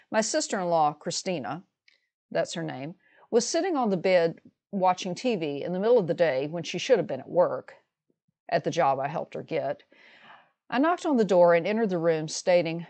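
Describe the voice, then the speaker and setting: A middle-aged woman calmly recounting a personal story in a measured, matter-of-fact way. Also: on the low side. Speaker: vlogger telling a personal story. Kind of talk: storytelling monologue.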